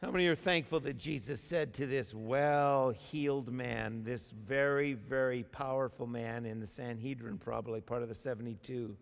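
A male pastor delivering a sermon, moving from soft, intimate appeals to loud, animated preaching. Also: mid-range voice, normal speed, creaky, few pauses. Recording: long reverb of a large hall.

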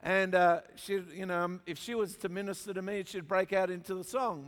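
A middle-aged man with an Australian accent, preaching a sermon as an animated storyteller who jokes with his congregation. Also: sits high, brisk, few pauses, a little hiss or hum. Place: large church auditorium. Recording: long hall reverb.

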